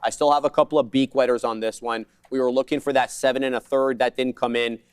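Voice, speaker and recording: A man co-hosting a live day trading show, calling trades in quick jargon with joking asides. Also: medium pitch, level tone, clear, resonant tone, no echo.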